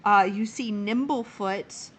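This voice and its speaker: A woman's voice: mid-range voice, slow, fairly bright tone, breathy edge. A woman narrating a live tabletop game as dungeon master, rambling with many fillers.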